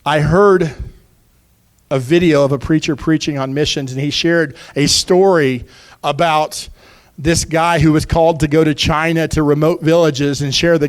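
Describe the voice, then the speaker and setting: A man preaching a sermon as pastor, earnest and urgent, with casual asides to the congregation. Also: fairly high pitch.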